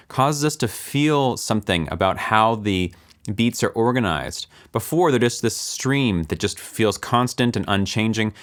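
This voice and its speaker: Man, low voice, music production lesson, calm explainer, soft counting. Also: normal speed. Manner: explains calmly with filler ums. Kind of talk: relaxed screen-recorded lesson.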